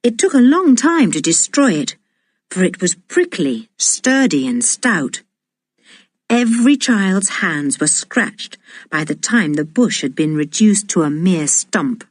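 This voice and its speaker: A woman reading a children's adventure audiobook aloud in a slow, deliberate and expressive way. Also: fairly low pitch, no echo, studio quality. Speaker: audiobook reader. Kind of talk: storybook narration.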